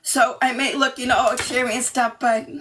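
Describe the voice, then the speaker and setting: A middle-aged woman from Massachusetts speaks over a video call, nervous and a little emotional. She fills her pauses with ums and small laughs. There is a faint hiss of noise behind her. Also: on the high side, flat delivery. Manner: nervous, emotional, many fillers. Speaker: team member.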